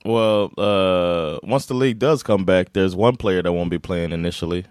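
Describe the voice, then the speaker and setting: A man's voice: low voice, normal speed, a little mellow, clear, resonant tone, dry recording, clean studio sound. A man co-hosting a podcast in casual chat, joking and laughing a lot, blunt in his opinions. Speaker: podcast co-host.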